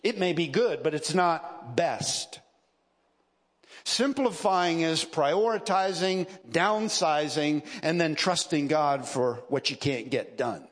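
Slow, emphatic male preacher in a hall. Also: a little high, expressive. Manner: emphatic preaching with repetition and rising stresses. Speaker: pastor. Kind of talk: sermon. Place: church sanctuary. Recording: long reverb of a large hall.

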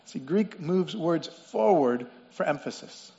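A man's voice: a little high, lively intonation, slow, mellow. A man preaching a sermon, explaining word meanings and repeating phrases for emphasis. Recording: dull lo-fi sound with long reverb in a hall.

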